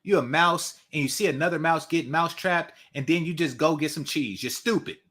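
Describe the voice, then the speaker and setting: A man records reaction commentary in a somewhat high voice. He is blunt and scornful, and he leans on repeated phrases to drive his points home. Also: moderate pace, fairly bright tone, breathy edge. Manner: blunt, mocking, emphatic repetition. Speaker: online commentator.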